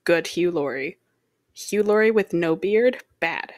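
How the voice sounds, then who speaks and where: A young woman with a slightly low voice co-hosts a casual podcast chat. She rambles and jokes, interrupting herself as she goes. The sound is dry and close, with no room around it. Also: expressive, a little slow, a little mellow, no echo. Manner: rambling, jokey, self-interrupting. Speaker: podcast co-host.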